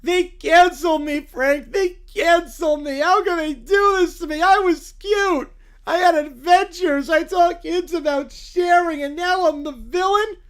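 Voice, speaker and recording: A woman voicing a childish cartoon bear who is president, whining and throwing shouted tantrums. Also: very high voice, a little slow, voice pushed up. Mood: self-pitying.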